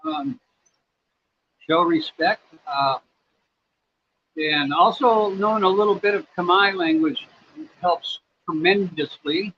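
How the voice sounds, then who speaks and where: A man's voice: high voice, slow, pauses often, fairly bright tone. A man from the United States hosting a casual livestream, answering viewer questions in a rambling, laid-back way with lots of fillers. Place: his home in Cambodia. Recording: slightly dull sound, faint background noise.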